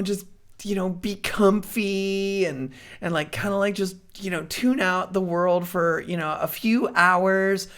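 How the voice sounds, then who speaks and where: A woman hosting a live stream, chatting casually in a rambling way, with lots of fillers and easy laughs. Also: low voice. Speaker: livestream host. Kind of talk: casual chat.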